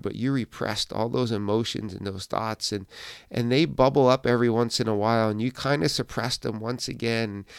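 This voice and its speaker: A man's voice: mid-range voice, gravelly, clear, resonant tone, no echo, clean studio sound. A middle-aged male pastor speaking earnestly and encouragingly in a reflective devotional podcast talk.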